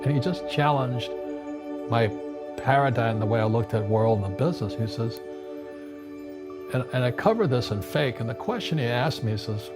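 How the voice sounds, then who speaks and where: Man in his seventies, mid-pitched voice, storytelling guest, stumbles and restarts, music underneath. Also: normal speed, long pauses. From Hawaii. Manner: animated anecdotes with frequent restarts and repeated words. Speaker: interview guest. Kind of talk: storytelling conversation.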